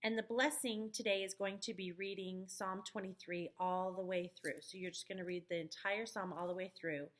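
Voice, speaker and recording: A woman talks volunteer teachers through a week's lesson plan in a relaxed, chatty way, pausing on ums as she goes. She records the briefing herself at home on a webcam or computer mic. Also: medium pitch. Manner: friendly, talks teachers through steps with many fillers. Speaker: children's ministry leader. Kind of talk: casual instructional video briefing. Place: at home, dog nearby.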